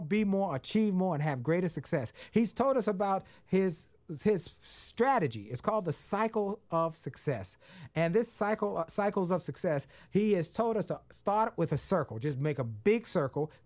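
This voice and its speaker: A man's voice: high-pitched, expressive, moderate pace, a little mellow. A man hosting a talk show, upbeat and laughing easily with his guest. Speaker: show host.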